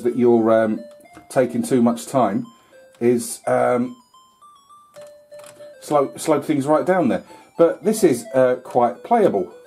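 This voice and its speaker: A man's voice: medium pitch, mellow, slightly rough. A man giving casual, rambling commentary while playing an old computer game, with filler words and mild swearing. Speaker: retro gaming YouTuber.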